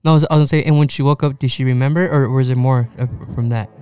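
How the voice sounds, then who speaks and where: Podcast host, man, quick and crisp delivery, frequent short reactions. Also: medium pitch, fairly even intonation, dark tone. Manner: quick reactive back-channeling. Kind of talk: casual interview chat.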